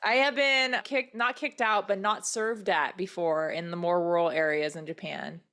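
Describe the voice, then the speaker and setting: A woman's voice: fairly low pitch, fairly even intonation, normal speed, bright, forceful tone. A woman from the US Northwest, a comedian guest, chatting casually in an upbeat way and laughing easily. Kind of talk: casual chat.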